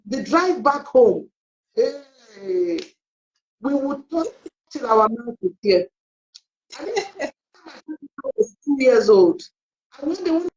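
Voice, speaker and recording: A middle-aged woman, a parenting coach, telling family stories on a live online talk and acting out the dialogue. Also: high voice. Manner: animated storyteller who acts out quoted dialogue. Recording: dull lo-fi audio.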